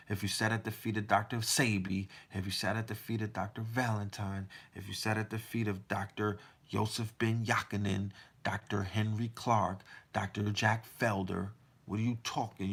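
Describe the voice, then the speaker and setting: A man's voice: fairly low pitch, a bit bright, slightly rough. A man hosting a podcast, delivering a heated, profane monologue full of rhetorical questions. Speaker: podcast host.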